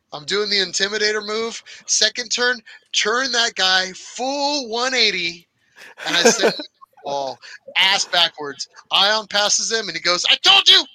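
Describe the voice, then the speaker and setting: Brief: cocky male co-host, sharp bright voice, dry close sound, loves to brag. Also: sits high, no echo, poor audio. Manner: boastful, energetic trash-talking storyteller. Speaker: podcast co-host. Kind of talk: casual storytelling chat.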